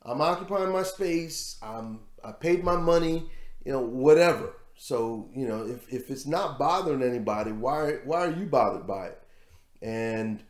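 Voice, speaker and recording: A man's voice: medium pitch, expressive, normal speed, roomy sound. A man giving casual, rambling commentary on a news story as host of his own show, repeating words as he goes. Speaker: vlog host.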